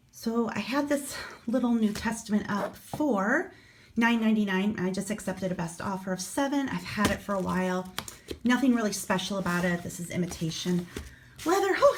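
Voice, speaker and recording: A woman's voice: mid-range voice, a little hiss or hum. Chatty middle-aged woman reseller vlogging. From Iowa, USA. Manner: chatty, frank, matter-of-fact about prices. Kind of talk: casual vlog narration.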